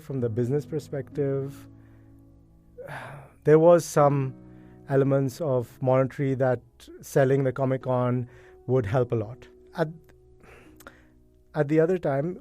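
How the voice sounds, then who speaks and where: A middle-aged man, a guest in an interview, telling his story in a casual, animated and emotional way. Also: mid-range voice, moderate pace, long pauses, soft background music. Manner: animated, emotional, acts out past dialogue. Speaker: guest, event co-founder.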